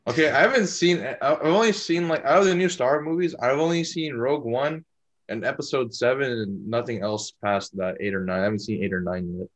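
Young guy co-host, laid-back slang, mid-pitched voice. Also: fairly quick. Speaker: podcast co-host. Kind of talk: casual chat.

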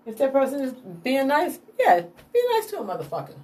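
Heard from a distance, a woman with a high-sitting voice talks fairly quickly in an animated, rambling monologue that keeps drifting off topic. She laughs often and swears casually.

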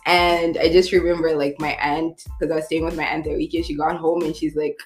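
A woman's voice: low voice, little pitch movement, a little fast, few pauses, soft background music. A woman telling a personal story in a candid, rambling way, full of "like". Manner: rambling, heavy use of "like", emotional but laughing at times.

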